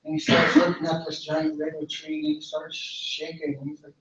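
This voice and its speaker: A man telling a traditional folk story aloud in an unhurried, repetitive way, in an echoey, distant, lo-fi recording. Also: a little high, sing-song, fairly bright tone, a little hiss or hum. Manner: unhurried, repetitive, with many restarts.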